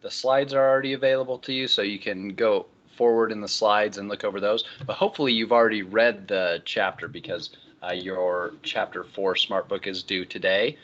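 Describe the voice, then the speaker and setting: Bright-voiced male instructor, lo-fi. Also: fairly low pitch, normal speed, few pauses. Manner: relaxed, conversational, frequent "all right, so" transitions. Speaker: college instructor. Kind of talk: online lecture. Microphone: computer microphone.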